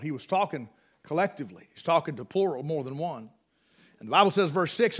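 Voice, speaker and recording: A high-pitched man preaching in a drawl. He reads scripture slowly and with weight, then climbs into loud, pressing passages before dropping to a low, quiet delivery. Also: lively intonation. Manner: slow, deliberate delivery with pauses, reading aloud from the King James Bible. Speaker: pastor. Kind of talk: sermon.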